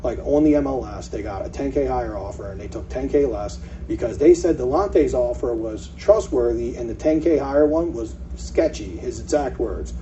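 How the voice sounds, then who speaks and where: A man's voice: mid-range voice, normal speed, few pauses. A man giving a casual seminar talk to a meetup, acting out what sellers say. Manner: animated, acts out quoted sellers. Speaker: meetup presenter. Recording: distant mic, dull lo-fi sound, faint hiss.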